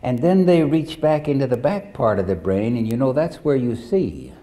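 A man preaching a sermon as pastor, telling a story in a measured way and speaking directly to the congregation. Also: mid-range voice, sing-song, mellow.

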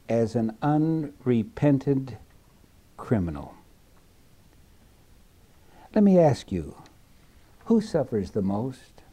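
A man preaches at an unhurried, measured pace. His voice has a very dark, mellow timbre and sits a little high for a man. He moves between near-whispers and ringing emphasis as he speaks. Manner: slow, deliberate preaching that swings from hushed to loud. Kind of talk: sermon.

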